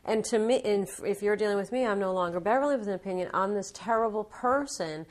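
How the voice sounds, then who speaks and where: Guesting as an author in a local TV studio interview, a woman with a medium-pitched voice talks fast. She lays out her ideas fluently and acts out small examples as she goes.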